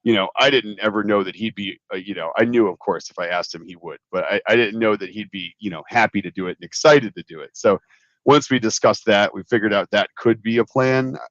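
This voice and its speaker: A man's voice: on the low side, fairly quick, a bit bright, no room sound. A man co-hosting a casual livestream from his honeymoon, easygoing and rambling with lots of fillers. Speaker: co-host, company owner. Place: outdoors on honeymoon at a beach resort. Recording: dull lo-fi stream audio.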